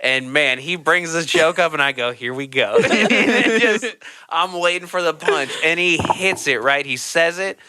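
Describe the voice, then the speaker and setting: A man's voice: a little high, moderate pace, smooth, no room sound, clean studio sound. A man hosting a podcast, telling stories in a casual chat, acting out quotes and laughing often. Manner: animated storyteller, acts out quotes, laughs often. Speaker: podcast host.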